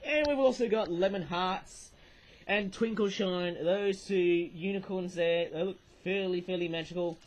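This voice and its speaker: A man's voice: sits high, measured pace, rough recording. A British man reviewing toys in a rambling, chatty way, full of fillers and tag questions, with a cold and sore throat, talking to a webcam at home. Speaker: toy reviewer. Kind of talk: casual toy review chat.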